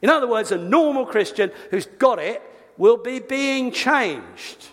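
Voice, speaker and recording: Preacher guy, pretty high voice, chatty asides mid-sermon. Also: a little slow, long reverb tail. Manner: lively preaching with asides and self-corrections. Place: church.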